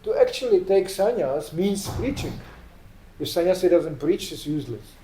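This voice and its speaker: Male preacher, lively storyteller, mellow tone, roomy hall sound. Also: moderate pace, a little hiss or hum. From Sweden. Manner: animated, acts out quotes with raised pitch. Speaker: spiritual lecturer. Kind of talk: storytelling sermon. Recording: echoey room.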